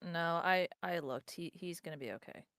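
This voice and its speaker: A woman playing a tabletop game, playful and quick to laugh. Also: fairly low pitch, fairly bright tone, no echo, studio quality. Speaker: player.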